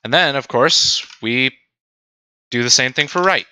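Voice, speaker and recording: A young man teaching a programming tutorial on a livestream, animated and self-mocking as he talks to his chat. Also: mid-range voice, unhurried, clear, resonant tone. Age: young adult. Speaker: teaching assistant.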